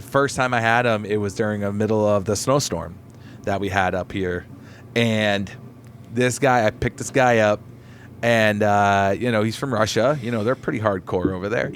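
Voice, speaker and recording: A man's voice: mid-range voice, fairly bright tone, a little hiss or hum. A man co-hosting a podcast, a delivery driver rambling through helper stories in casual chat with plenty of swearing. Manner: rambling, profane storyteller.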